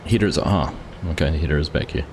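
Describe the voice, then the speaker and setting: A man's voice: extremely low pitch, quick pace, darkish tone, slight background noise. A man hosting a live farming game stream, chatting casually and greeting viewers by name while he plays. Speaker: livestream host. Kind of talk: casual gameplay commentary.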